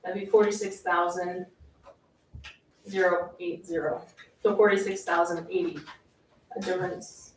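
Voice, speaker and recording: A woman's voice: fairly low pitch, flat delivery, unhurried, pauses often, slight background noise. A woman supervisor chairing a township board meeting, reading out figures and motions in a businesslike way. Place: indoor township meeting room. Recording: echoey meeting room, mic far off.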